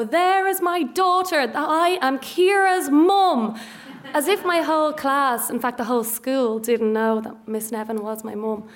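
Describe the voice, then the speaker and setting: A young Irish woman, a teacher, telling a funny personal story live, animated and self-mocking, often laughing as she speaks. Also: a little high.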